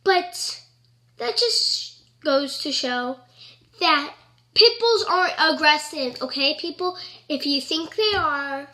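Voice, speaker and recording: A woman with a high, bright, ringing voice talks straight to camera in a loose, rambling vlog style. She fills her sentences with "like" and sounds earnest about every point. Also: expressive, slow pace. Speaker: vlogger. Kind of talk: casual chat to camera.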